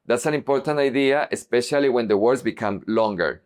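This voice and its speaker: A man teaching a language lesson, modeling each example word slowly and repeating it for practice. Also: mid-range voice. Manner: slow, deliberate modeling of words. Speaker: Spanish teacher.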